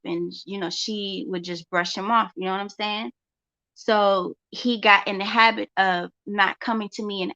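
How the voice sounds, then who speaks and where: A woman with a gravelly, fry-edged voice talks casually as a homeschooling mother on her vlog. She circles back to her phrases to drive them home. The sound is dull and lo-fi. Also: medium pitch, sharp tone. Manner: conversational, repeats phrases for emphasis. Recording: dull lo-fi recording.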